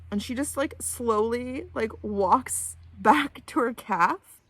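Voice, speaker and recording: A woman telling a story in a casual vlog, animated, with many "like" fillers. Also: on the high side, slow pace. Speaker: vlogger. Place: in her van.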